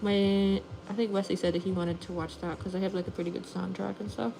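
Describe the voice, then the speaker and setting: A woman nail artist chatting casually on a livestream, animated and full of "like", talking while she works in her nail studio. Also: medium pitch, brisk, vocal fry, slight background noise, poor audio. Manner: chatty, animated, says "like" often. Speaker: nail artist streaming live.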